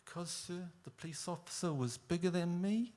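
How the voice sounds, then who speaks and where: A man's voice: high-pitched, normal speed, background noise, pitched above the performer's own voice, lightly acted. A man voicing his brother on the witness stand as a meek, overly polite young man who keeps saying "sir". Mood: sheepish. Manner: sheepish, deferential, says "sir".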